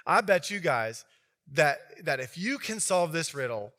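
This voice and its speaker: A man's voice: on the high side, very animated, unhurried, bright, forceful tone, full character voice. A preacher acting out a cocky, boastful young strongman taunting his groomsmen. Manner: brash, boastful.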